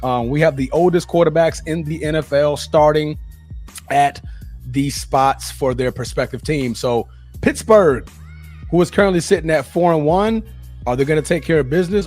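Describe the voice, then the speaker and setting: A man from the United States co-hosting a casual football podcast, excitable and quick to laugh. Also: a little high, faint music behind. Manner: excitable, laughs a lot, fan banter. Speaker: podcast co-host. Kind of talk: casual sports podcast chat.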